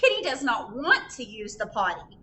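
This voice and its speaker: A woman's voice: on the high side, sing-song, moderate pace, sharp tone, slight background noise. A woman reading a picture book aloud at a library storytime, sing-song and full of questions for the children. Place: library room. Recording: roomy echo.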